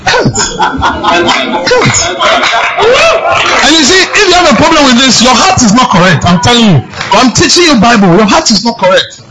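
Forceful male pastor, high and lively, preaching. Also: quick pace, over a noisy crowd, poor audio. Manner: forceful, emphatic, often shouting. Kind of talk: sermon.

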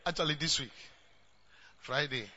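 A man with a Ghanaian accent preaching a sermon as a pastor, switching between English and Twi and rising to shouts. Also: fairly high pitch, measured pace, highs cut off.

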